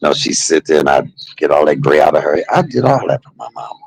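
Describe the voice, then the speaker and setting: Low husky guy telling stories on stream, voice jumps all over, lots of laughing. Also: fast, poor audio. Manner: animated, laughing, swings between joking and heartfelt. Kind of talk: casual storytelling monologue.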